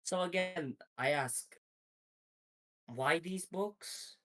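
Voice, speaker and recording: A man's voice: on the high side, very slow, a bit bright, voice pushed up. A man playing a stiff, earnest male guardian of books in a tabletop game, speaking in a formal, literal-minded way. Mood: stern. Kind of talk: tabletop role-play.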